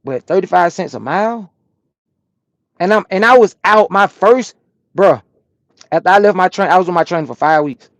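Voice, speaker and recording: Lively Southern man chatting with his stream. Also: high-pitched, moderate pace, pauses often, no room sound. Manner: animated storyteller, swears freely, slangy. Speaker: truck driver livestreaming with chat. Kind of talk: casual livestream chat, reading comments. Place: truck cab on a rest break.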